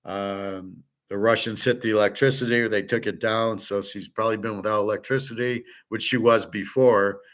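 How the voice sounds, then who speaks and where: A man's voice: fairly low pitch, fairly even intonation, moderate pace, fairly bright tone. A middle-aged man hosting a casual monologue, rambling and blunt, swearing freely. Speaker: host.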